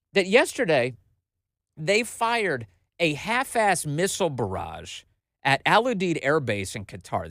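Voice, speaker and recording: Animated man in a dry studio. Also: on the high side, dry recording. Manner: animated and emphatic, talking straight to the listener. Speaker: host. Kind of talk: political commentary.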